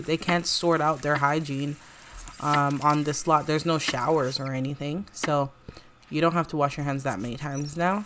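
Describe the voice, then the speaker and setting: A woman's voice: sits low, noisy background. Chatty young woman narrating gameplay. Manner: chatty, filler-heavy, bubbly. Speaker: let's play creator. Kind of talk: casual game commentary.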